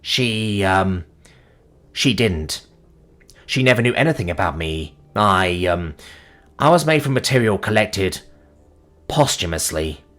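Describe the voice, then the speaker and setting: A man voicing a young woman clone who talks in a hesitant, halting way. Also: mid-range voice, very animated, a bit bright, soft background music.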